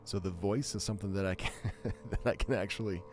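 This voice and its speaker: A man with a smooth, buttery voice hosting a live stream, chatting casually and self-deprecatingly between reading short horror stories aloud. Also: sits low, fast talker, faint music behind. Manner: self-deprecating, joking, animated.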